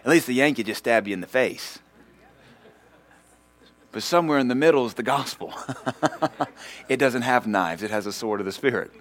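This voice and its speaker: A man's voice: medium pitch, normal speed, pauses often. Emphatic male pastor preaching. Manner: emphatic and teasing, with rhythmic repetition. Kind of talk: preaching a sermon.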